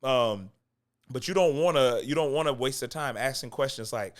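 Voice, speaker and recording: A man's voice: medium pitch, lively intonation, a little fast. A man giving acting coaching in a casual talk, close to the mic, repeating his points for emphasis. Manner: conversational, repeats points for emphasis, chuckles between lines. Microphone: close microphone.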